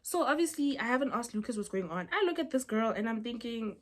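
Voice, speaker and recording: Young woman with a fairly high voice, casual storytime vlogger, chatty and animated. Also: fast, few pauses. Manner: chatty and animated, with lots of fillers and asides to viewers.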